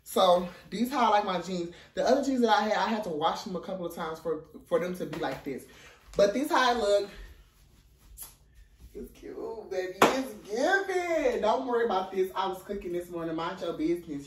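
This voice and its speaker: A young man, filming a casual try-on haul in his dorm room, out of breath, playful and sassy, with excited high squeals. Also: quick pace, recorded from a distance, a little hiss or hum. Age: young adult. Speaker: vlogger. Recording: roomy, from off the mic.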